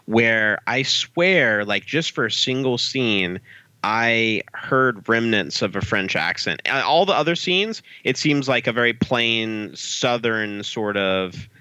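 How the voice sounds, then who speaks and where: A man's voice: mid-range voice, animated, sharp tone, no room sound. A man co-hosting a casual movie podcast, making chatty points with frequent fillers. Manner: chatty, quick asides and fillers. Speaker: podcast co-host. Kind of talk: casual movie review chat.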